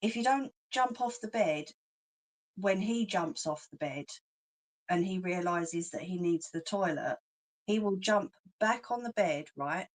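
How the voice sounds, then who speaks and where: A woman's voice: lowish voice, animated, unhurried. A woman with a London accent, chatting casually on a livestream, reading out comments and laughing often with cheeky slang. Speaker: craft channel host.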